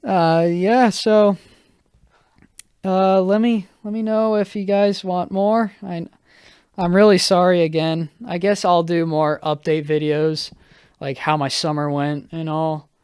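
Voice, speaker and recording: A young man hosts his podcast alone and recounts a rough few days at an unhurried pace. His voice is smooth and clear, recorded dry and close to the mic. He stumbles through fillers and restarts and pokes fun at himself. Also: high-pitched, level tone, darkish tone, no echo. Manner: halting, filler-heavy, self-deprecating. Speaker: podcast host. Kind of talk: casual solo storytelling.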